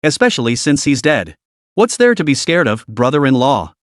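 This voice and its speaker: A woman's voice: very deep voice, very animated, moderate pace, no echo, studio quality. Man voicing Su Yaoyao, a bratty young woman. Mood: whiny. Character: spoiled playful young woman, childish and excitable.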